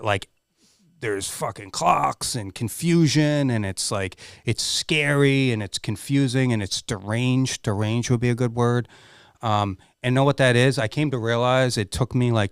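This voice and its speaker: A man's voice: mid-range voice, clear, resonant tone, no room sound, studio quality. A middle-aged man speaking as a podcast guest, telling a candid personal story in an earnest, emotional way and swearing freely.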